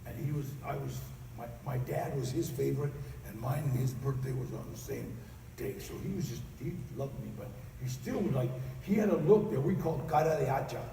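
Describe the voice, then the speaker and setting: A man giving a personal storytelling speech at a conference, animated and prone to loud acted outbursts. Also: medium pitch, brisk, gravelly, noisy background. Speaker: conference speaker. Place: large convention hall. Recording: echoey hall recording from far off.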